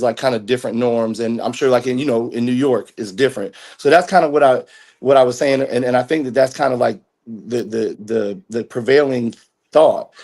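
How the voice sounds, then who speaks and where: A man's voice: medium pitch, a little mellow. A man in casual chat, talking thoughtfully and hedging his points. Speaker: guest.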